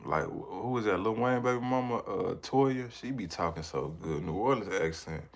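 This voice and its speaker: The livestreamer, a father, sounds lowish, animated and creaky at a moderate pace as he chats casually, rambling and reacting to viewers' comments.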